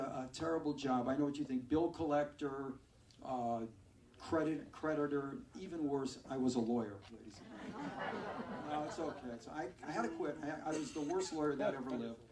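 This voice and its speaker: A male stand-up comedian telling self-mocking, deadpan one-liners on a club stage. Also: on the high side. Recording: echoey club, far from mic, crowd.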